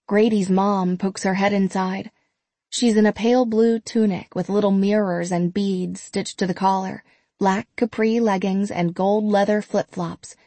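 A woman giving scripted audiobook narration in an even, measured storytelling manner, close to a studio mic. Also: medium pitch, no room sound.

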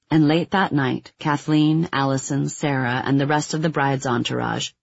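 A man narrating a nonfiction book in an even, measured scripted reading. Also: medium pitch, slightly rough, no room sound, highs cut off. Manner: even, measured reading; quotes read with little acting. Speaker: audiobook narrator.

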